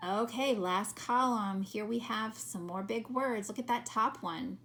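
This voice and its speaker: Slow, gravelly-voiced woman teaching phonics. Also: on the high side, a bit bright, a little hiss or hum. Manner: slow, carefully sounding out words. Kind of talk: phonics lesson to children.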